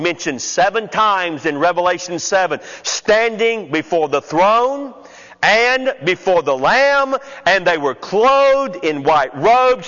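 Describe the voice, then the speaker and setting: A man delivers a sermon at an unhurried, measured pace, his voice pitched fairly high for a man. He walks through his points deliberately, counting them off one by one. The sound is slightly muffled and carries a long reverb, like a large hall. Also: fairly bright tone. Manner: slow, deliberate expository preaching with counted points. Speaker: preacher.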